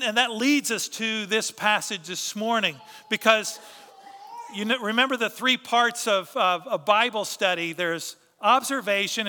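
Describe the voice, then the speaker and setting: A man's voice: high voice, bright, forceful tone, long reverb tail. A man preaching a sermon as pastor, pressing his points with rhetorical questions and repeated phrases.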